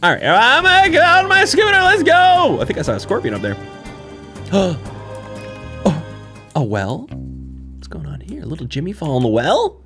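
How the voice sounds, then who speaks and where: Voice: mid-range voice, wildly swooping pitch, normal speed, long pauses, pushed and bright. Giggly, playful let's-play commentator. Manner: playful and giggly, cooing at critters. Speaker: gaming YouTuber. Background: game music.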